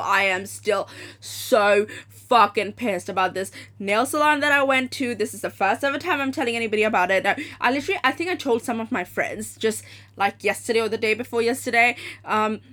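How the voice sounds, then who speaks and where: A woman in her late teens hosting a solo podcast, telling stories in an animated, profane rant. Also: medium pitch, moderate pace. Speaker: podcast host.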